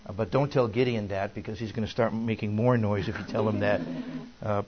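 Male minister, casual folksy sermon, plenty of fillers and restarts; lowish voice, muffled lo-fi sound. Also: steady tone, brisk, a crowd in the background.

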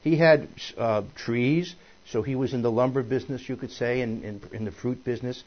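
An older man leads an easygoing Bible class, wandering off into old stories and chuckling along the way. His voice sits at a middling pitch. The recording is dull and lo-fi. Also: little pitch movement, fast. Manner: folksy, digressive, chuckles at his own stories. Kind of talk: informal Bible lesson.

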